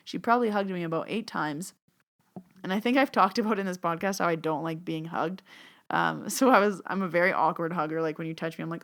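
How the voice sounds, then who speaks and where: Chatty lower-voiced woman telling a story. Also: brisk. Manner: chatty, animated, acts out quoted dialogue. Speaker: podcast host and medium. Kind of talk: casual storytelling monologue.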